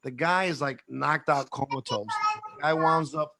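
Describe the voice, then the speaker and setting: A man's voice: on the high side, moderate pace, gravelly, a little hiss or hum. A man from the cigar industry telling a rambling story on a video call, full of restarts and asides. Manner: animated, rambling with many restarts. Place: at home.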